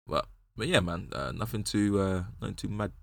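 A young man from with a very low voice, chatting casually on a podcast. He rambles in a laid-back way and doubles up words as he goes, and the sound is close and dry. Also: fairly even intonation, normal speed, vocal fry, no room sound. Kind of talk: casual chat.

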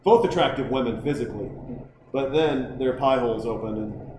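A man's voice: mid-range voice, moderate pace, a little mellow. A man in casual film commentary chat, joking around and slipping into mock voices. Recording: roomy with faint background noise.

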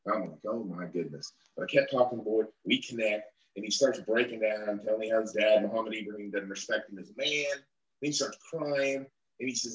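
A man's voice: fairly low pitch, a little fast, roomy sound, lo-fi sound. Man telling a war story with quoted dialogue. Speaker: interview guest, former interrogator. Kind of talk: storytelling in an interview.

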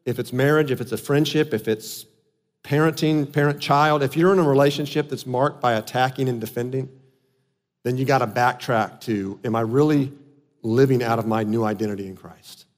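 A pastor preaching a sermon, earnest, moving between soft, slow lines and emphatic ones. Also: male voice, medium pitch, long reverb tail.

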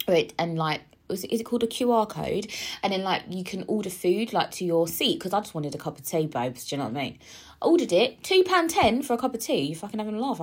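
A woman talks straight to her viewers, rambling through a story with lots of asides and fillers. Her voice is a little husky and sits on the low side. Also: a little mellow. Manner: chatty, rambling, full of asides and filler words. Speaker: vlogger.

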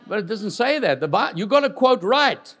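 Male pastor, higher-pitched, animated sermon delivery with humor and big dynamic swings. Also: normal speed, breathy edge. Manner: animated, jokes with congregation, swings from loud to quiet. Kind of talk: lively sermon.

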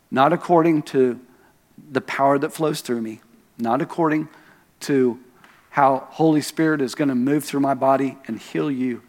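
A pastor with a mid-range voice delivers a sermon in a church sanctuary, the sound carrying a big-room quality. His preaching weaves in stories and self-deprecating asides, with heavy stress on important words.

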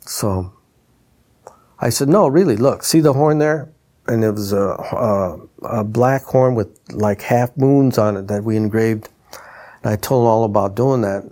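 Older man, anecdotal storytelling, animated, mimics the voices of people in his stories. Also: fairly low pitch, a little slow. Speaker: retired trumpeter and instrument designer.

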